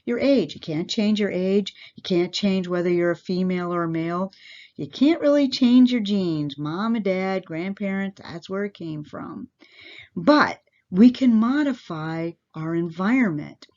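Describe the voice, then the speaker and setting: A woman's voice: lowish voice, lively intonation, unhurried, a little mellow. A woman parish nurse giving a plain-spoken health lesson to her congregation, asking her listeners questions directly. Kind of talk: health education talk to a congregation. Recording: dull lo-fi recording.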